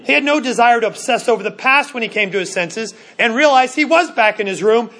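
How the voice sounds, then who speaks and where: A man preaching a sermon in an earnest way, slowing down for emphasis and often restarting his words. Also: extremely high pitch, lively intonation, bright, forceful tone. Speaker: pastor.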